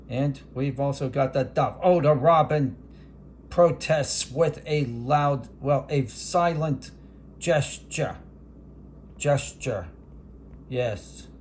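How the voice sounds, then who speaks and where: A man's voice: mid-range voice, a little mellow, close to an everyday voice. A bombastic veteran boxing announcer, as a man puts him on. He calls the action in a mid-range voice, stretching his phrases for drama like a ringside broadcaster. There is a faint hiss of background noise. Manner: bombastic, drawn-out ringside play-by-play. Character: grandiose veteran male sportscaster calling a bout. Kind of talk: mock sports commentary.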